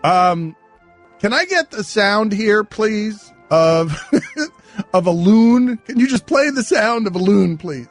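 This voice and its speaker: A man's voice: high voice, expressive, slow, soft background music. A man hosting a sports radio show, chatting casually, laughing often and calling for sound clips.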